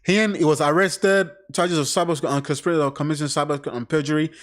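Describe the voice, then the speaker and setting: A man with a somewhat high voice doing casual reaction commentary on a crime case. He reads passages aloud, then breaks off into blunt, profanity-laden remarks. His talk is loose, animated and unscripted. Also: quick pace. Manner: blunt, swears often, animated side remarks.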